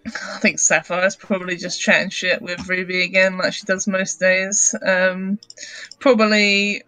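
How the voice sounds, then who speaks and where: A woman's voice: fairly low pitch, level tone, unhurried, sharp tone, soft background music, low-quality recording. A woman playing in a tabletop game, chatting casually about her character. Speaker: player. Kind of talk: casual tabletop role-play.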